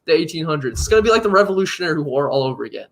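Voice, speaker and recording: A man from South Carolina talks on a remote call in casual conversation. He is animated and emphatic, laughing often, with a fairly high voice. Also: rapid-fire, creaky. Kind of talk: casual chat.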